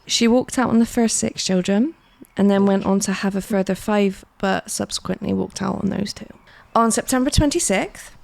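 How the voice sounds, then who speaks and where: A woman from Britain co-hosts a chatty podcast and walks through a true crime case in a loose, casual way. She laughs easily and swears freely. Her voice has a gravelly fry to it, at a middle pitch. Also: moderate pace, hardly any pauses, darkish tone. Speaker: podcast co-host.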